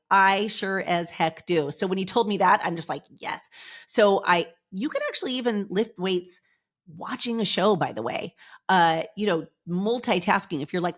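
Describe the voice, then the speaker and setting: A bubbly middle-aged woman hosts a motivational podcast with a chatty, animated delivery. Her voice sits at a middle pitch and comes through a close podcast mic. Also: normal speed. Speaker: podcast host. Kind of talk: upbeat motivational podcast talk.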